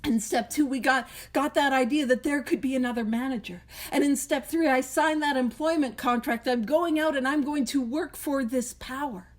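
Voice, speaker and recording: A woman from Canada with a high voice speaks at a recovery meeting. She talks conversationally, with plenty of self-deprecating jokes. She comes through a video call. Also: normal speed, hardly any pauses.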